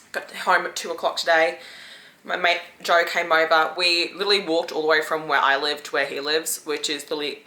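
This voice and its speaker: A young woman in her twenties chatting casually to camera in a vlog, quick and loose, swearing now and then. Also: sits low, sharp tone, reverberant. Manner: chatty, swearing, fast bursts of talk. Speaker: vlogger.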